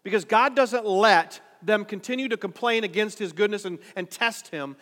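A man preaching a sermon in a dramatic way, swinging between quiet, drawn-out lines and loud, urgent ones. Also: high voice, big-room sound. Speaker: pastor.

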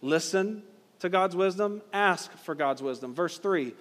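A man's voice: high-pitched, expressive, measured pace, fairly bright tone. A male pastor preaching a sermon, emphatic and driving points home with rhetorical questions. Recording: long reverb of a hall.

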